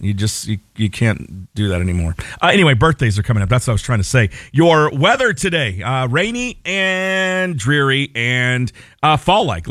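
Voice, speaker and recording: A man's voice: medium pitch, fairly bright tone, no room sound. A man hosting a morning radio show, chatting casually and self-deprecatingly with plenty of fillers between announcements. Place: radio studio. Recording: dry studio sound.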